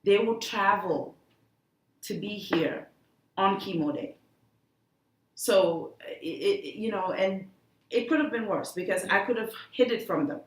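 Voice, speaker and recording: Woman guest telling her story, earnest and halting, kinda roomy echo. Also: medium pitch, expressive, slight background noise. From The Gambia. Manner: earnest, halting, many restarts. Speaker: guest, cancer survivor. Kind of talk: emotional interview talk. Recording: echoey room.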